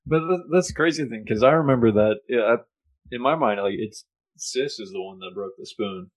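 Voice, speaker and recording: Husky guy, easygoing, laughs a lot, chatting with his siblings. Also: medium pitch, fairly quick. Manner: relaxed, agreeing, laughs often. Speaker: brother in a family chat. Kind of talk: casual chat.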